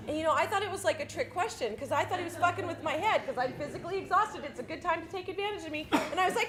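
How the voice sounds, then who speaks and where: A woman's voice: extremely high pitch, rapid-fire, few pauses, noisy background. A woman army veteran telling a story about basic training on a theatre stage, casual and profane. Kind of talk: spoken monologue performance.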